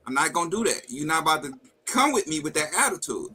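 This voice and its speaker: Blunt high-voiced man telling a heated story. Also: very animated, fast, sharp tone, breathy edge, low-quality recording. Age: adult with a wife and kids. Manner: blunt, profane and heated, acting out quoted dialogue. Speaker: host. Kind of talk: storytelling in casual talk. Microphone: video call setup.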